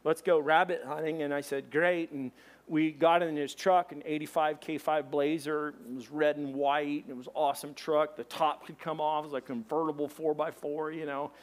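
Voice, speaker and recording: A man preaching a sermon, telling a funny story and acting out shouted voices. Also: on the high side, little pitch movement, normal speed. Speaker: pastor.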